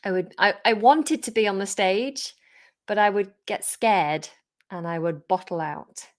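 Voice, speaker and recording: A woman leads a live-streamed lesson. She talks in an unhurried, chatty way, sits in a middle pitch for a woman, and slows down to repeat the key phrases. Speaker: English teacher.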